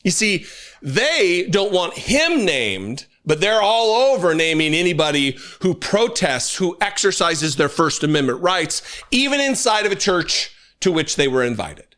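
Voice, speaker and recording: A man's voice: high voice, big pitch swings, unhurried, fairly bright tone. A man hosting political commentary, talking in a sarcastic, mocking way. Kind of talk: casual commentary.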